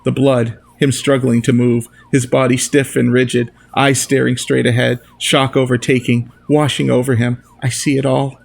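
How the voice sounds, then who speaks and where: A man reading his own novel aloud as a steady first-person narration. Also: mid-range voice, moderate pace, gravelly, hardly any pauses, slightly rough.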